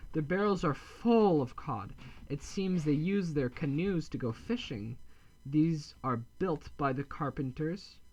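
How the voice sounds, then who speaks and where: A man giving casual gameplay commentary, rambling and correcting himself, with deadpan dark jokes. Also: fairly high pitch. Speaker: gameplay video host.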